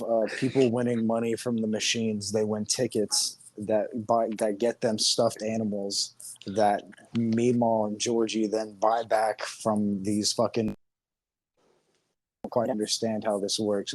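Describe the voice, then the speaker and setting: A man's voice: on the low side, flat delivery, measured pace, no room sound, rough recording. A man co-hosting a podcast in casual chat, telling rambling, profane stories. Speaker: podcast co-host.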